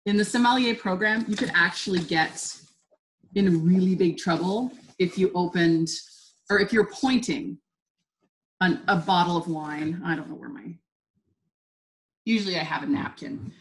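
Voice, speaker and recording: A woman's voice: on the low side, normal speed, long pauses, slight background noise. A woman teaching a live online wine tasting, chatty and upbeat. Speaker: wine instructor. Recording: roomy echo.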